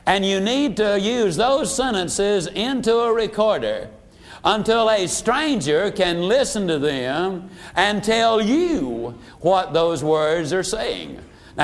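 A middle-aged man giving a motivational sales training talk, emphatic and preacherly, slowing down to stress key points. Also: sits high.

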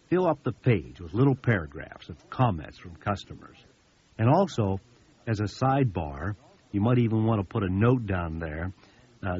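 Husky folksy man giving sales training. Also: on the low side, darkish tone. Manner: folksy, anecdotal, emphatic repetitions. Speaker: business seminar speaker. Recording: dull lo-fi recording.

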